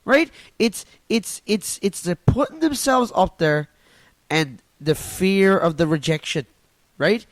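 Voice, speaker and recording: Sitting on the couch at home, a Newfoundland-accented comic and podcast host delivers a profane solo rant into his phone and cracks himself up. He speaks slowly in a high voice with lively intonation; there's no room sound.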